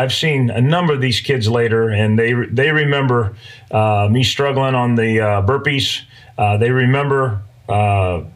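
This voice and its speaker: A middle-aged man hosting a podcast, telling a personal story in a folksy, conversational way with many fillers. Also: medium pitch. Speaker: podcast host.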